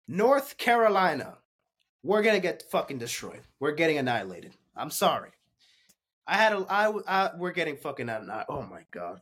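A young man hosts a casual sports recap, ranting and swearing a lot, swinging from heated outbursts to defeated mutters. His voice is a little high, a bit bright and breathy-edged, very animated at a moderate pace.

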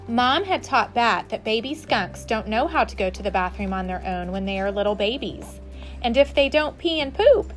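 A woman teacher reading a children's book aloud with expressive delivery. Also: fairly high pitch, moderate pace, faint music behind. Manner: warm, expressive.

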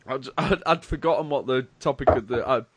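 A man's voice: medium pitch, moderate pace, noisy background. A man co-hosting a casual podcast, giggly and easily set off laughing. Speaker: podcast co-host.

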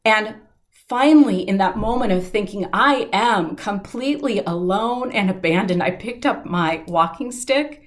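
A middle-aged woman with an expressive, mid-range voice recounts a personal story during an interview. She is earnest and heartfelt, easing her pace when the emotional parts come.

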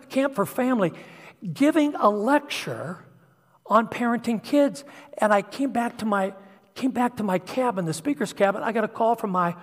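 A middle-aged man preaches a sermon with a slightly high, husky voice. He tells personal stories in a confessional way, dropping to a hush and then rising loud. His voice rings with long reverb in a large hall. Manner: emotional, confessional storytelling with swings from hushed to loud.

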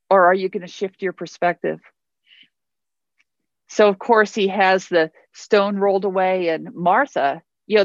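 A woman's voice: mid-range voice, dry recording, dull audio. A woman pastor preaching a sermon in an earnest way, repeating phrases for emphasis.

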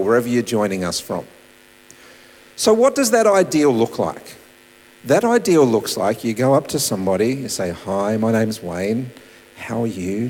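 A man preaching a sermon, swinging between raised emphasis and soft, quiet asides. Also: medium pitch. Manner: dynamic preaching, voice rising and dropping to soft asides. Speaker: pastor. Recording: long hall reverb with mains hum.

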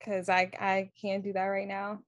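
A woman co-hosting a casual podcast from home, animated and self-deprecating, often laughing. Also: medium pitch, moderate pace, dry recording, muffled recording. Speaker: podcast co-host. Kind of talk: casual chat. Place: at home, separate room.

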